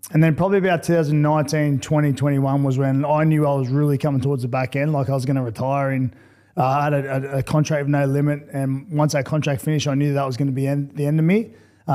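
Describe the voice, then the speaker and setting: A blunt Australian man in his forties tells a long story as a podcast guest. His voice sits fairly high but has a mellow, relaxed tone. He acts out old conversations as he goes. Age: 40s. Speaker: guest, former rugby league player turned boxer.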